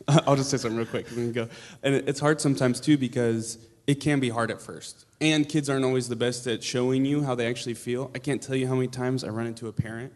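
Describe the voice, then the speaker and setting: A male student ministry pastor talks casually and gets animated when he quotes people. His voice sits at a middle pitch. It carries a long reverb from a large church hall. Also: fast talker. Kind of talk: casual stage conversation in church. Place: church sanctuary.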